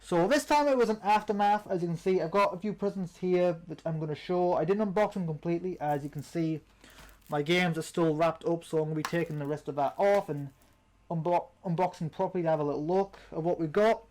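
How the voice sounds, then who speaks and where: Young British male host, high voice, casual rambling unboxing chat. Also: fairly quick, darkish tone, a little hiss or hum. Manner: rambling, chatty, with many ums and restarts. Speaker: channel host.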